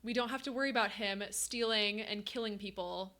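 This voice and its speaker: A young woman streaming live, chatting casually with her viewers, animated and laughing often. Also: mid-range voice, a little fast.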